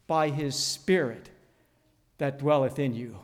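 An older man preaching a sermon in a measured, earnest way, pausing deliberately and reading scripture aloud. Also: fairly high pitch, sing-song, long reverb tail.

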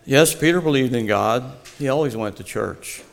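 A man reading a devotional story aloud in a slow, earnest storytelling manner. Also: medium pitch, vocal fry, slight background noise. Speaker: narrator. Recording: long hall reverb.

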